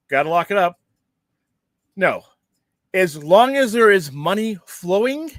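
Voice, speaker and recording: A man hosting a casual show, ranting in a heated, profane, animated way. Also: sits high, dry recording, clean studio sound. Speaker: podcast host.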